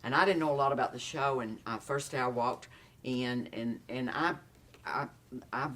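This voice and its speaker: A man in his sixties with a Southern accent, an actor telling stories in a casual interview, animated and quick to laugh. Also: medium pitch, far from the mic. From Tennessee. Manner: animated storyteller, acts out quotes, laughs often. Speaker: actor guest.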